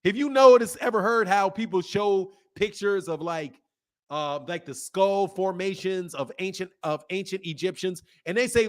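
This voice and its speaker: Male boxing streamer, high voice, sarcastic and heated, unscripted rant. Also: moderate pace. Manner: sarcastic, heated, swings from mock pleading to loud outbursts. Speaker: boxing channel host. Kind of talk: live-stream commentary and rant.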